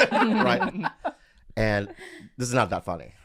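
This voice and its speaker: A man's voice: wildly swooping pitch, slow pace, fairly bright tone. Giggly man telling jokes. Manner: giggly, bursts into high laughs. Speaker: podcast co-host. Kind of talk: casual chat, telling jokes.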